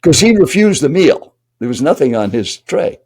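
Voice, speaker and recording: A man's voice: on the high side, big pitch swings, moderate pace, darkish tone, slightly rough. An older man, a speaking coach and guest, telling a dramatic story while speaking directly to the listener. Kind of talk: animated storytelling.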